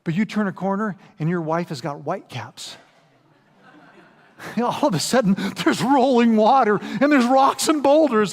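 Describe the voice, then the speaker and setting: Animated male pastor in a reverberant hall. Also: sits high, normal speed. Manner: animated, acts out quoted voices. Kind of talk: sermon. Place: large church hall.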